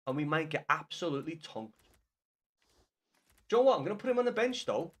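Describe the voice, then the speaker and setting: A man's voice: on the high side, big pitch swings, brisk, a bit bright. A man with a Scouse accent, chatting casually to his chat while he streams a game, swearing freely. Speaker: gaming streamer.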